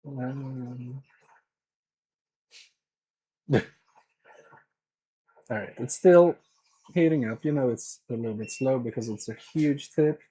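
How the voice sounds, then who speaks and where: A man's voice: medium pitch, takes it slowly, long pauses, mellow, husky, low-quality recording. A man from Sweden chatting casually with his live chat while repairing electronics, often muttering to himself as he works.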